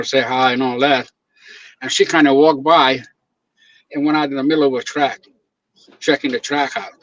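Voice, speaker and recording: His voice sits in the mid range, and there's no room sound. As a guest videographer in casual conversation, he's an animated storyteller who acts out quotes and laughs frequently. The recording is dull, dry and lo-fi.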